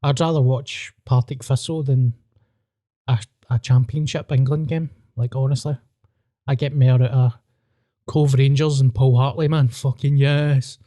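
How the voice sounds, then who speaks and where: A Glaswegian man hosting a podcast in loose, casual chat, full of swearing and rambling stories. His voice is dark and mellow, and the recording is close and dry, with no room sound. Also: medium pitch, steady tone, normal speed, dry recording. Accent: Scottish, Glasgow. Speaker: podcast host.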